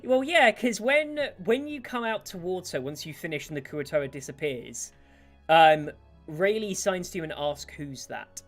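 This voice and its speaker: A woman game master narrates a tabletop scene in a lowish voice, lively and full of fillers. Soft music runs faintly behind her. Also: moderate pace.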